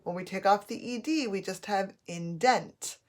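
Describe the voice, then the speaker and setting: A woman teacher giving a slow, patient phonics lesson to young children, spelling out letters as she goes. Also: mid-range voice.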